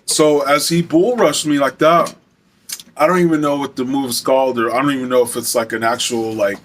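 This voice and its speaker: A man's voice: medium pitch, steady tone, fairly quick, a little hiss or hum. A young man from Arizona telling a story in a casual, rambling way, full of fillers and frequent swearing.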